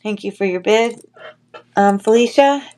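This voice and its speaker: A woman's voice: medium pitch, unhurried, a little mellow. A woman with a stuffy nose from a cold, chatting casually with many ums while running a live jewelry auction. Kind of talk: casual live-stream selling chat.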